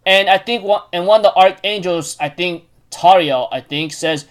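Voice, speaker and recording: A man's voice: high-pitched, moderate pace. A man casually recapping a manga chapter, rambling with many fillers and restarts.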